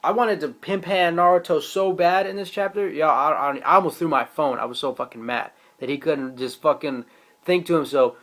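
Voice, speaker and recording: Young male reviewer, slightly high pitch, excitable and foul-mouthed, casual slang. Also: normal speed. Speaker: manga reviewer.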